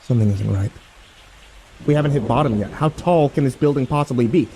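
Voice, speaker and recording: A man tells horror stories in a grim, measured voice with a mellow, dark tone. In the tense scenes his delivery climbs to frantic shouting. Faint rain patters softly behind him. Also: mid-range voice, slight background noise, low-quality recording. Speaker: horror story narrator. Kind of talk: scripted horror narration.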